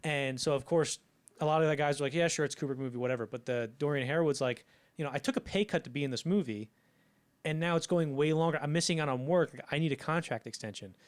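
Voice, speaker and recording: A man's voice: on the high side, quick pace. A young man co-hosting a casual film-history podcast, rambling through anecdotes and acting out the people in them. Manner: rambling, acts out anecdotes in quoted voices. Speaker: podcast co-host.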